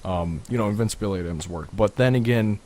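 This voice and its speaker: Give me a man chatting casually about video games, lowish and talkative. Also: fast talker, darkish tone, a little hiss or hum. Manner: chatty, rambling explanations. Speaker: podcast co-host. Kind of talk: casual gaming chat.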